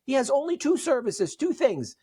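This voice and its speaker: A man's voice: very high-pitched, sing-song, moderate pace, mellow, pitched above the performer's own voice. A man quoting a male expert coder who lays things out simply and patiently. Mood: explaining.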